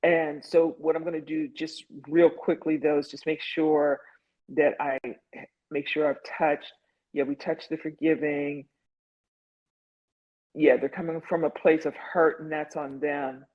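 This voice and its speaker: A woman's voice: low-pitched, little pitch movement, unhurried. A woman guiding an online support group, talking in an earnest, conversational way over a video call. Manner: conversational, earnest, lots of "like" and "you know". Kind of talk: guided online group session. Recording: dull lo-fi video call audio.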